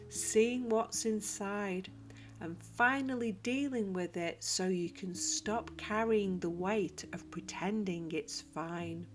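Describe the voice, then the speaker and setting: A woman narrating a scripted motivational self-help talk, slow, deliberate and reflective. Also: mid-range voice. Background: soft guitar music.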